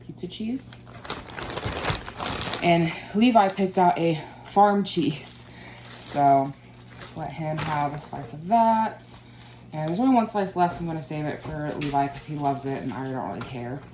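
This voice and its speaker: A woman's voice: low voice, moderate pace, noisy background. A woman in her thirties chatting casually to the camera in a vlog, rambling and laughing often. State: out of breath. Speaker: vlogger.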